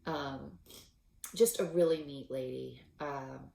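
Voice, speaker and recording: A woman hosts a knitting podcast on her own, speaking casually in a rumbling low, slow voice with vocal fry and a dark tone. She gets emotional, choking up and laughing often between thoughts, in an echoey room.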